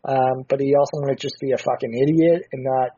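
A man hosting a podcast in casual chat, recounting a story in a relaxed way with many fillers. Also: mid-range voice, a little fast, breathy edge, dry recording. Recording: dry dull lo-fi sound.

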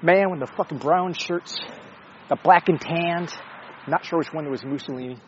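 A man's voice: on the high side, normal speed, highs cut off, a little hiss or hum. A man talking casually in a rambling, sarcastic way, with frequent swearing and self-interruptions. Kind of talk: casual opinion monologue.

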